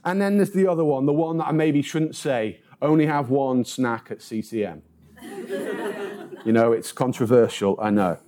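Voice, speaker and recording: A man's voice: mid-range voice, mellow. A man preaching a sermon, reading scripture and then telling funny stories about himself. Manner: humorous storytelling.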